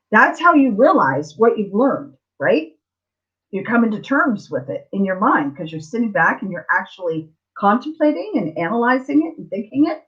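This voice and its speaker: A woman's voice: medium pitch, big pitch swings, normal speed, muffled recording. Woman chatting loosely on a spiritual live stream. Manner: rambling, repeats herself, asks "right?" often. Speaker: tarot reader hosting a live stream. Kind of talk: casual spiritual talk to viewers.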